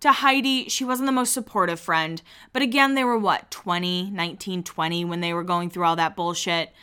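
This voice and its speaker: A woman's voice: fairly low pitch, moderate pace, pushed and bright, smooth. A woman casually recapping a reality show, chatty and candid, swearing freely and acting out quotes.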